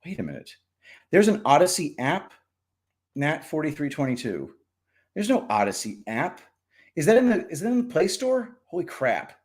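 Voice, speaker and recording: A man's voice: fairly high pitch, sing-song, moderate pace. A man hosting a casual livestream, chatting with viewers, greeting them by name and telling jokes. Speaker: livestream host.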